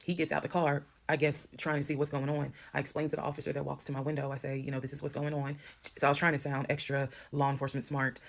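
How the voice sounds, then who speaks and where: A woman calmly telling a detailed personal story, acting out what others said. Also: deep voice, quick pace, creaky. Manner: calm, detailed, quoting others. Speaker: storyteller in a video.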